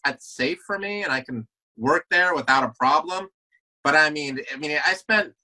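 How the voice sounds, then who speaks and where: A man's voice: a little high, sharp tone, breathy edge, poor audio. A man talking earnestly as a podcast guest in a casual interview, often repeating words as he restarts his sentences.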